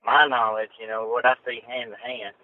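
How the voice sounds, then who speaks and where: A man's voice: medium pitch, little pitch movement, brisk. A man who is a guest on a podcast, answering bluntly and scoffing at names he doubts. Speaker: guest researcher. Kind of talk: casual interview chat. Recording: tinny phone-line sound.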